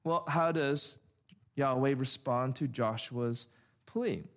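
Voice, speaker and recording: A man's voice: medium pitch, takes it slowly. A middle-aged man preaching a sermon, reading scripture and explaining it with emphatic, rhythmic repetition. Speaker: pastor.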